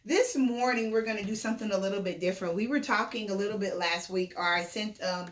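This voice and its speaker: Patient woman teaching phonics, echoey room. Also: medium pitch. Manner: patient, encouraging, sounds out phonemes slowly. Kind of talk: remote phonics lesson for children.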